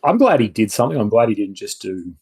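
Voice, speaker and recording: Casting: low, mellow, husky-voiced man, rambling podcast co-host. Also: big pitch swings, fast, rough recording. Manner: rambling, many restarts and asides. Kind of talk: casual film review chat.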